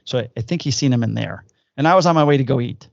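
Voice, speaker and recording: A man's voice: medium pitch, quick pace, vocal fry, dry recording, muffled recording. A man, a police officer co-hosting a podcast, telling profane stories in casual chat. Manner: profane, animated anecdote telling with acted quotes.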